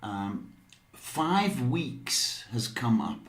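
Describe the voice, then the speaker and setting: A man's voice: mid-range voice, very animated, extremely slow, roomy sound. A man giving psychic readings on a live stream, talking with many hesitant ums. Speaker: psychic reader.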